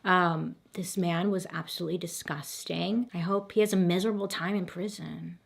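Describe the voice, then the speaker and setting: A woman's voice: fairly low pitch, fairly even intonation, moderate pace, creaky, breathy edge. Chatty woman with dry sarcastic asides. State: hoarse, losing her voice. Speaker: true crime vlogger. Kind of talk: casual storytelling to camera.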